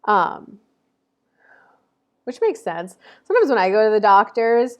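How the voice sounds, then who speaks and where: A woman's voice: medium pitch, very animated, measured pace. A woman in her thirties giving a casual zodiac reading to camera, chatty and rambling, with many fillers and self-corrections. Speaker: astrology reader.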